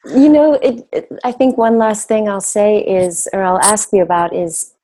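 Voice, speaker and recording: A woman's voice: medium pitch, steady tone, normal speed, mellow, poor audio. A woman interviewing a guest in a conversational way, affirming and thoughtful.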